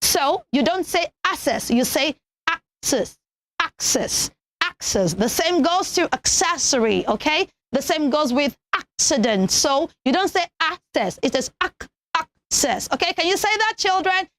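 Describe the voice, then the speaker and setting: A young woman presenting a children's TV pronunciation lesson, enunciating slowly and deliberately and cheering the kids on. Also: sits high, animated, a bit bright. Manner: slow, deliberate teacherly enunciation, encouraging.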